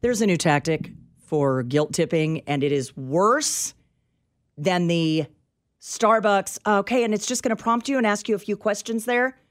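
A middle-aged woman co-hosting a radio show in a studio, telling an everyday story with animated, exasperated ranting. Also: medium pitch, unhurried. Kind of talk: casual talk radio chat.

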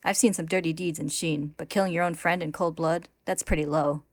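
A woman's voice: sits low, fairly even intonation, brisk, no room sound. A woman voicing a stern young man who scolds and demands in a firm voice. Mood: scolding.

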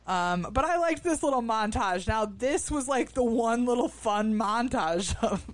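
Brief: podcast co-host, slow and halting recap chat, crisp tone. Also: medium pitch, lively intonation, no echo. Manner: hesitant, many fillers and restarts.

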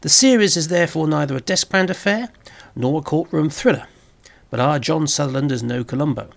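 A man presenting a scripted review of old television, speaking in a measured way with wry asides. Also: fairly high pitch, vocal fry. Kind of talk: scripted narration.

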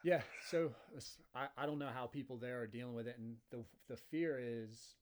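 A man hosting a relaxed podcast conversation. He rambles along in a chatty way, full of "like" and "um" and restarts, at an ordinary middle pitch. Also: normal speed. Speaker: podcast host. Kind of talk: casual podcast chat. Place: Delaware, at home.

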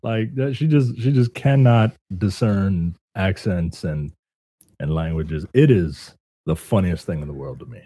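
Husky low-voiced man joking around. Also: unhurried, no room sound. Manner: joking, animated storyteller. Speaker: podcast co-host. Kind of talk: casual gaming podcast chat.

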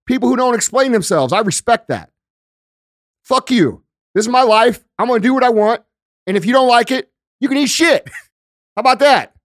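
A man with a notably high voice for a male speaker hosts a podcast, ranting bluntly and swearing freely. He talks close to a studio microphone in a dry, dead-sounding space with no room echo. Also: animated, moderate pace, long pauses. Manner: profane, blunt, emphatic; conversational, uses everyday analogies. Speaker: podcast host. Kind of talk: casual podcast rant.

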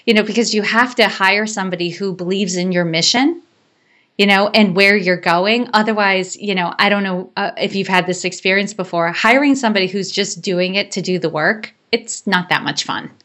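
A woman hosts an interview podcast and asks her guest questions. She keeps the talk friendly and encouraging. Her voice sits at a middle pitch. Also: normal speed, fairly bright tone. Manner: encouraging, conversational. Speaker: podcast host. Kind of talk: interview hosting.

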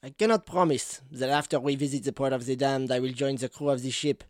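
A man's voice: mid-range voice, steady tone, fast, dry recording, clean studio sound. A man playing a tabletop role-playing game, joking and laughing as he voices his character. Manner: playful, laughs often. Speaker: player. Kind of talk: tabletop role-play chat.

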